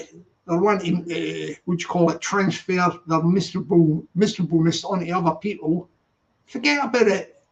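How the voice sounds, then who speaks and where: A man hosting a live stream, chatting casually and rambling as he reads out viewer comments. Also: sits high. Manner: rambling, repeats himself, chatty. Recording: dull lo-fi stream audio.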